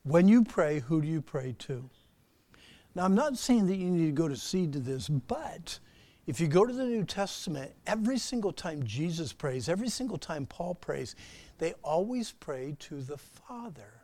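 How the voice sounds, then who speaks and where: A man preaching a sermon, swinging between loud emphatic bursts and soft, slow asides, and putting questions to his listeners. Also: a little high, big pitch swings. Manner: asks the audience questions. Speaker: pastor.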